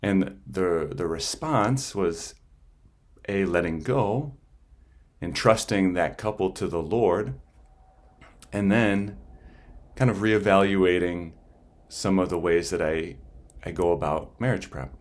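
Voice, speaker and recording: A man's voice: sits low, slow pace. A male priest preaching a sermon in a plain, conversational storytelling way, often restarting his sentences.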